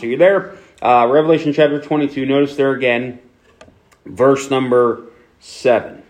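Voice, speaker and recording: A man's voice: mid-range voice, normal speed, a little mellow. A man with a Philadelphia accent preaching a sermon to his congregation, conversational, with many fillers and restarts. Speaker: pastor.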